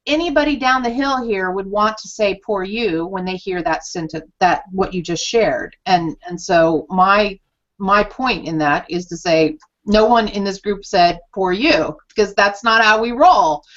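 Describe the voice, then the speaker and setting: A medium-pitched woman speaking a little slowly hosts a casual live chat. She's animated and expressive, acting out quoted reactions and laughing often. She's a channeler and host, and the recording sounds dull and lo-fi.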